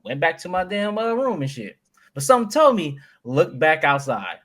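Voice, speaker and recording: Animated young man telling stories. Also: fairly high pitch, moderate pace. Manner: animated storytelling with profanity and laughs. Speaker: podcast co-host. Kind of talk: casual chat.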